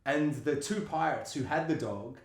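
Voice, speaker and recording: A man co-hosting a casual movie chat, animated and laughing often as he acts out scenes. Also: a little high, normal speed, creaky. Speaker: podcast co-host. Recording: roomy echo.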